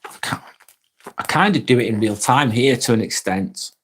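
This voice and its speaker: Relaxed British man chatting on a live stream. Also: medium pitch, a little hiss or hum. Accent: British English. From England. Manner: relaxed and chatty, with frequent ums and quick laughs. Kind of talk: casual live-stream chat, reading comments aloud.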